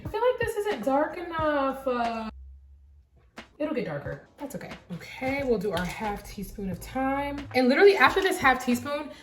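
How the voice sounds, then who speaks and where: A woman's voice: fairly high pitch, echoey room. A young woman vlogging while she cooks at home, rambling candidly with lots of filler words. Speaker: cooking vlogger. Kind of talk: casual chat while cooking. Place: home kitchen.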